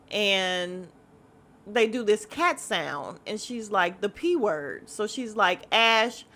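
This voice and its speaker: A woman's voice: medium pitch, bright, forceful tone. A woman hosting a casual podcast, recapping a reality show in a sassy, blunt manner and swearing freely. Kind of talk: casual chat.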